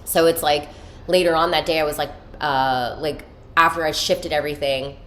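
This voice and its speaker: A young woman hosting a podcast in a casual, animated style, swearing freely and using many fillers. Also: low-pitched, moderate pace, slight background noise. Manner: animated, chatty, profane, filler-heavy. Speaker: podcast host. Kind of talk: casual spiritual podcast chat.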